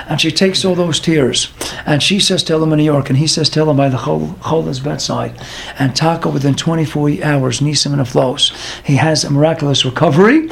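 A man with a high, light voice delivers a dramatic storytelling sermon. He talks in a lively way, peppering his speech with Hebrew and Yiddish words. There's a faint hiss of noise behind him. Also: brisk, vocal fry. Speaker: religious storyteller.

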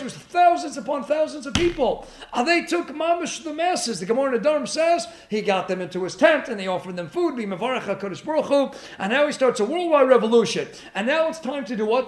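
A man giving an animated Torah lecture, full of rhetorical questions and Hebrew terms. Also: very high voice, reverberant. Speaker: rabbi giving a Torah class.

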